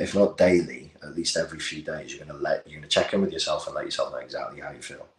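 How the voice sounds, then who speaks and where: A man's voice: low voice, echoey room, low-quality recording. A man talking bluntly and emphatically as a life coach, acting out bits of dialogue to make his point. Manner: blunt, emphatic, acts out therapist-client dialogue. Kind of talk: direct-to-camera talk.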